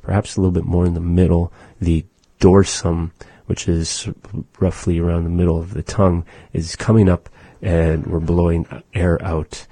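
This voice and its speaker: Low husky-voiced man teaching. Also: mellow, no echo. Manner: patient, explanatory, demonstrates sounds slowly. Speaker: language teacher. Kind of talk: recorded language lesson.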